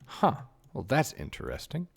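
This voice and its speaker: A man's voice: medium pitch, wildly swooping pitch, normal speed, creaky, husky. A man streaming a building game, chatting casually with viewers and muttering to himself in a self-mocking way. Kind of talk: casual livestream chat while building.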